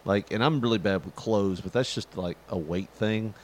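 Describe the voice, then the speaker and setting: A middle-aged man chatting casually, rambling with fillers and jumping into animated quoted voices. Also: normal speed. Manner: animated storyteller, jumps into high-pitched quoted voices; rambling, many fillers and restarts. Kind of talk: casual chat.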